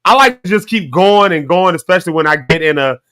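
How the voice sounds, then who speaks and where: Bright, playful male show host. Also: high voice, expressive, fast, no echo. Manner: laughs often, playful. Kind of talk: casual chat.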